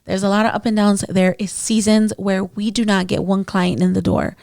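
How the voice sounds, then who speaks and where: An esthetician on her own podcast tells client stories in a medium-pitched, slightly mellow voice with vocal fry, fairly even intonation and a moderate pace. The sound is clean studio audio with no echo, and her chatty monologue into the podcast mic is loaded with fillers as she calls listeners "guys."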